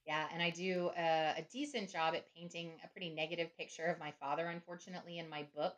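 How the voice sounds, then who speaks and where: Chatty middle-aged woman, lowish voice. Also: steady tone, fast. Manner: chatty, often adds "right?", laughs easily. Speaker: podcast guest, author. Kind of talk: casual interview talk.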